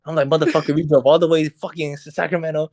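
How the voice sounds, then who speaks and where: Animated young man telling a car story. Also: fairly high pitch, quick pace, no echo. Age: young adult. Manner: animated, profane, acts out quotes. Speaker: podcast co-host. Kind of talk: casual storytelling. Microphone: podcast mic on voice chat.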